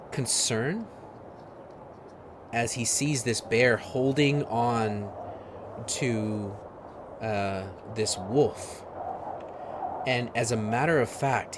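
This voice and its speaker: A man narrating a tabletop game as game master, halting with many fillers. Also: mid-range voice. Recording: noisy stream audio.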